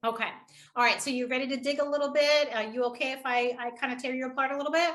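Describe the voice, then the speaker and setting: A woman's voice: sits high, fairly even intonation, quick pace, fairly bright tone. A woman leading a live online public speaking workshop, upbeat and encouraging, laughing often with participants. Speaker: public speaking trainer hosting a webinar.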